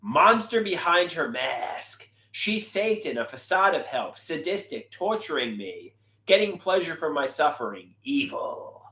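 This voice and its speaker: A man on a livestream showing his artwork, talking in a dramatic, halting way. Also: on the high side, big pitch swings, sharp tone. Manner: dramatic, halting, shifting voices. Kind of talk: livestream chat. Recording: roomy echo.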